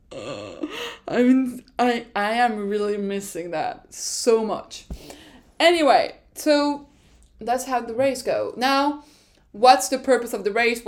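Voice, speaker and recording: A woman with a French accent hosts a podcast in casual explainer style. She speaks in a fairly high voice, gushing and excitable, and laughs often. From France. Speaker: podcast host.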